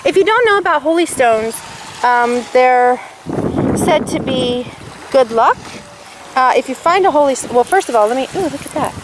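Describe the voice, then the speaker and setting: Woman vlogger, very high voice, gushing and gasping, handheld camera on a windy beach, heavy wind noise. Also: animated, moderate pace. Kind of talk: casual vlog narration. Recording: loud wind noise outdoors. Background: wind and water.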